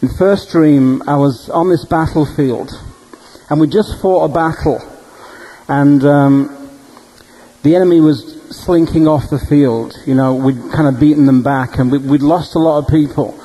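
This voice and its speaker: Mellow-voiced man preaching through stories. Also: fairly high pitch, measured pace, low-quality recording. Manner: animated, humorous storytelling. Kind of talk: storytelling sermon.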